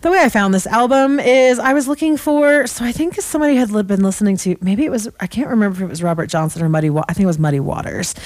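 A woman's voice: mid-range voice, fast talker, few pauses, darkish tone, no room sound. A young woman radio DJ talking casually into a studio microphone, rambling and self-deprecating with lots of restarts. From Colorado.

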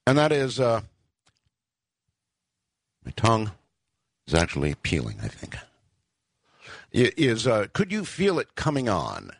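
A man hosting a late-night call-in radio show, musing slowly and drawing out his questions to listeners. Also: on the low side, wildly swooping pitch, creaky, no echo, studio quality. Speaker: radio talk show host.

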